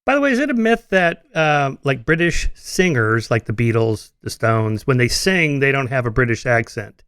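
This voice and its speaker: Smooth-voiced man hosting a podcast. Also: mid-range voice, expressive, moderate pace, a bit bright, dry recording, clean studio sound. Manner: casual, curious questions with short affirmations. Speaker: podcast host. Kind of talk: conversational interview.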